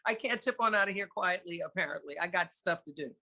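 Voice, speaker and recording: A woman with a New York accent talks as an interview guest, candid and lively. Her voice is bright and ringing. She laughs often as she tells her stories. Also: fairly low pitch, quick pace. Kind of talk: casual storytelling in an interview.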